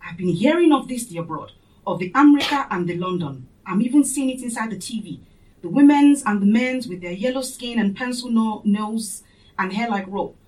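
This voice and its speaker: A woman's voice: a little high, lively intonation, brisk, a little mellow. Woman narrating a story, slightly distant. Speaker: audiobook narrator. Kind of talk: first-person story narration.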